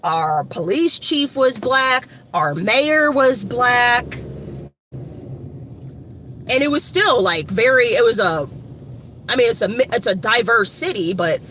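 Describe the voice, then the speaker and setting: Woman from evanston rambling motivational stuff to her phone outside, slangy, cars going by loud. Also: a little high. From Evanston, Illinois, USA. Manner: casual, animated, slangy, rambling asides. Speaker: motivational vlogger. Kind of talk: casual motivational talk to camera. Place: outdoors by a street with shops. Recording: outdoor traffic noise.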